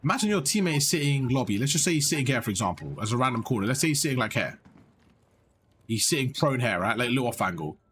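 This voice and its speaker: A young man giving blunt, animated coaching on gameplay, swearing freely as he explains. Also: mid-range voice, fast, a little hiss or hum. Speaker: gaming coach. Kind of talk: casual coaching over gameplay.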